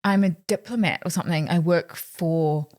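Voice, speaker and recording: A woman's voice: on the low side, moderate pace, darkish tone. A young woman co-hosting a podcast, rambling through anecdotes and acting out bits of dialogue. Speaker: podcast co-host. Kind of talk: casual chat.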